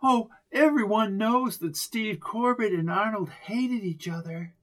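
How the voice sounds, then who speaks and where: Grieving society woman voiced by a man, shaky, halting, high-pitched, audiobook character. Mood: anxious. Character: grieving older society woman, fretful and teary.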